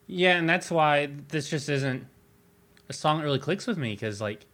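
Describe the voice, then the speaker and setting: A man's voice: fairly high pitch, expressive, moderate pace, a bit bright. A man co-hosting a casual music podcast, explaining ideas about art with lots of "like". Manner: analytical, heavy use of "like". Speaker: podcast co-host.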